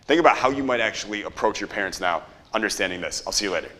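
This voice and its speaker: A man's voice: on the low side, lively intonation, rapid-fire, pushed and bright. A man teaching a live seminar audience, casual and profane, quizzing the crowd and having them repeat after him. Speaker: marketing seminar presenter.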